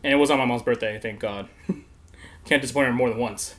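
A man's voice: mid-range voice, brisk, fairly bright tone. A young man hosting a podcast, telling a story in casual chat, laughing often and swearing freely. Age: young adult. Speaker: podcast host.

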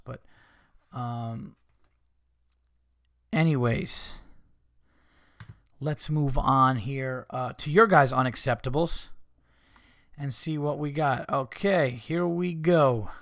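A man's voice: mid-range voice, no echo, studio quality. A man hosting a podcast, ranting casually with a lot of swearing and restarts as he reads listener stories. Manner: animated, profane ranting with frequent restarts. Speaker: podcast host. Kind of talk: casual solo podcast rant.

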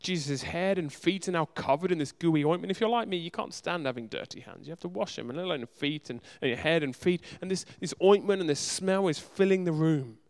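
A man's voice: on the high side, fairly quick, vocal fry, few pauses. A man preaching a sermon with emphasis, firing off rhetorical questions and repeating words for stress. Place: church in a city.

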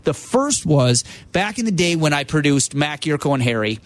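A man who works as a radio producer, telling animated stories about a late friend on a sports talk show. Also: on the high side, normal speed. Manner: animated storyteller, quotes friends in their voices.

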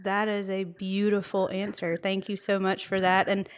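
A woman's voice: medium pitch, monotone, normal speed, clean tone. A woman hosting a podcast from her office, encouraging her guest and laughing along. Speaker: podcast host. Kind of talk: casual interview chat.

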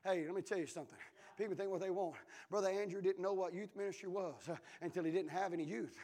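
A pastor preaching a sermon, swinging between shouted lines and hushed, almost whispered ones. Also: male voice, high-pitched, fast talker.

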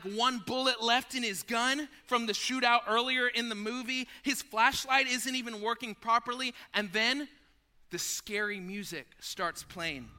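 A male pastor preaching a sermon in a conversational, animated way, talking to listeners as friends and acting out scenes from a story. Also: very high voice.

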